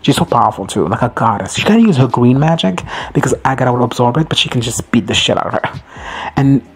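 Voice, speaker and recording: Gravelly-voiced man gushing in a recap. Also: medium pitch, fast talker, poor audio. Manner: gushing, excitable, swears freely, acts out quotes. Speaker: reaction video host. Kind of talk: casual reaction recap.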